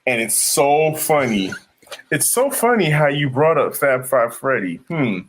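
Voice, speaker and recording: Male DJ co-host, relaxed storyteller with an average-pitched voice. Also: unhurried, a little hiss or hum. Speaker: podcast co-host, DJ. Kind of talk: casual chat.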